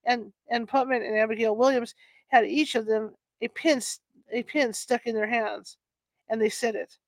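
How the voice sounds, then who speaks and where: A woman reads a nonfiction history book aloud in a somewhat high voice, pausing to fix her stumbles and toss in casual remarks. Her allergies are bothering her. The sound is close and dry, with no room echo. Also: steady tone. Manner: stumbles and corrects herself with chatty asides.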